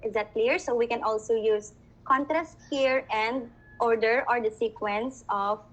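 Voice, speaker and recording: A woman with a Filipino accent teaches an online class over a video call, her voice sitting a little high. She slips Tagalog words into her English and keeps asking the class whether things are clear. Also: a little slow, dull audio. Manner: mixes English with Tagalog, keeps checking understanding.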